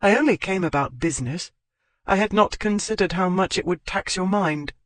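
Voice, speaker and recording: A man's voice: high-pitched, moderate pace, fairly bright tone, dry recording, voice pushed up. A man voicing a spirited, impulsive young country woman in an audiobook, raising his voice into her earnest, wavering pleas. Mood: urgent. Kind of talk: audiobook character voice.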